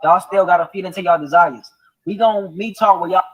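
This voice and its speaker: A man's voice: sits high, breathy edge, poor audio. A man giving a repetitive, sermon-like talk about spiritual knowledge in a played clip. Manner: repetitive, sermon-like, drawn-out phrases. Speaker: online spiritual speaker in a clip. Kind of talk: preachy monologue.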